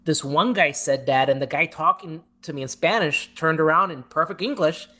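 A woman hosting a casual podcast chat, relaxed and supportive, rambling with restarts as she shares stories. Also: low voice, normal speed.

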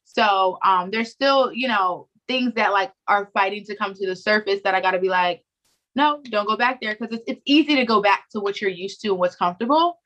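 A woman's voice: medium pitch, brisk, hardly any pauses, highs cut off. A woman in her thirties co-hosting a podcast, chatting casually and telling stories with playful imitations. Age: 30s. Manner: animated storyteller, playful imitations. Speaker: podcast co-host. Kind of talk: casual conversational chat.

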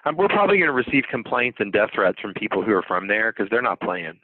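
A man's voice: on the low side, big pitch swings, quick pace, dry recording. Male podcast co-host, folksy rambler, thin phone-band sound. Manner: rambling, folksy storytelling with drawled asides. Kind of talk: casual podcast chat. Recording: dry, tinny phone-like audio.

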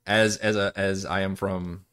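A man's voice: low voice, flat delivery, a little slow, a bit bright, clean tone. A man from Texas, a dungeon master rambling casually through campaign prep on a live stream, restarting sentences and cursing now and then. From Texas, USA.

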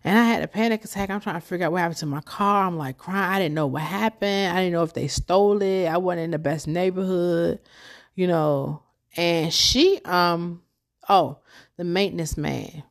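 Young woman host, lower voice, rambling emotional storytelling, casual and chatty. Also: normal speed. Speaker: podcast host.

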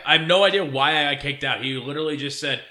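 A young man hosts a podcast and tells stories in a rapid patter, swearing freely and acting out the people in them. His voice is bright and forward. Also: a little high. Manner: animated, profane, acts out the other people in his stories. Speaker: podcast host. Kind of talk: casual storytelling chat.

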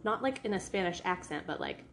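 Heavy background noise surrounds a woman with a New England accent as she chats for her vlog inside a rented house. Her medium-pitched voice is expressive and a little fast, and she rambles with many fillers and restarts.

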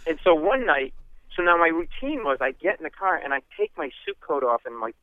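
A man telling a comic story in an interview, animated and acting out the people in it. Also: on the high side, brisk, no echo. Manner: animated, acts out voices. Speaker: guest comedian. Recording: tinny phone-like line.

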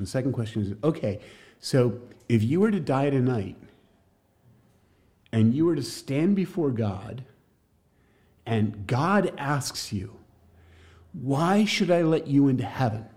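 A man's voice: mid-range voice, animated, moderate pace, a little mellow. A man teaching a church class on evangelism, jokey and emphatic, talking straight to his listeners.

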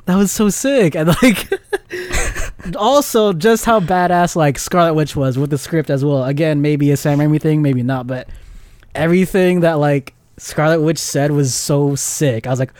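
A young man co-hosting a podcast, excitedly retelling film scenes in casual slang, laughing often and saying "like" a lot. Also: a little high, measured pace, no room sound. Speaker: podcast co-host. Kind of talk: casual chat.

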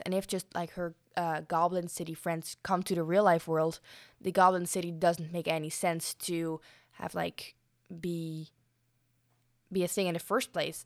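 A young woman talks through a film review on her own podcast in a loose, rambling way, full of fillers and quick apologies. Her voice sits on the low side. The recording is dry and close, with no room sound. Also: dry recording. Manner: chatty, rambling, many fillers and frequent apologies. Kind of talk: casual solo podcast review.

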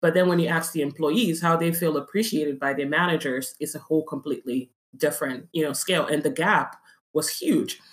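A woman's voice: sits low, brisk. A woman hosting a podcast interview over a video call, effusive and enthusiastic. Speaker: podcast host.

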